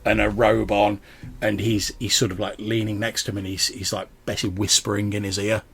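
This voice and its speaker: A man's voice: fairly low pitch, little pitch movement, quick pace, vocal fry, a bit bright, breathy edge. A man narrating as game master of a tabletop game, rambling with lots of fillers. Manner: rambling, full of "like" and "sort of".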